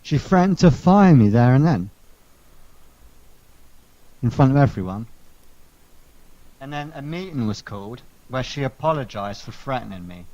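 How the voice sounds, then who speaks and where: A man rants through a workplace story with sarcastic, animated energy and the odd swear. His voice sits at a middle pitch, and the recording is dull and lo-fi, with a dry sound and no room echo. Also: moderate pace, long pauses. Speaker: podcast co-host telling a story. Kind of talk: casual chat, venting anecdote.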